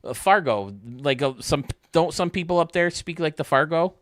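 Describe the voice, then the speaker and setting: A man's voice: fairly high pitch, animated, moderate pace, hardly any pauses, no echo, clean studio sound. A man streaming a baseball game, rambling and joking casually with his chat. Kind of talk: casual chat while playing.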